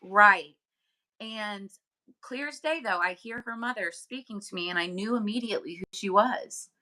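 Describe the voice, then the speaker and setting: A woman who is a medium and podcast co-host tells a personal story on a casual talk show, using lots of fillers and acting out the voices of the people she quotes. Her mid-range voice sounds pushed and bright, at a normal speed.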